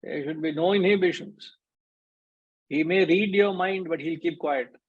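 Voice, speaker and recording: A man's voice: a little high, a little slow, breathy edge, phone-quality sound. A man giving a conversational spiritual discourse as a teacher, briefly acting out the voices in his stories. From India.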